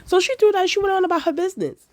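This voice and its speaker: A woman in a casual episode review, chatty and animated, acting out quotes with lots of fillers. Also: extremely high pitch, rapid-fire. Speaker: video reviewer.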